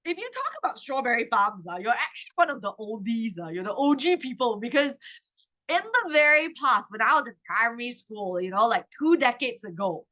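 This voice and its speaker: Malaysian woman tutor, 30s, chatty class delivery with a bright edge on dull lo-fi audio. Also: on the high side, sing-song, a little fast. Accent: Malaysian English. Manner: chatty, tags lines with "okay?". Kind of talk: exam-prep class.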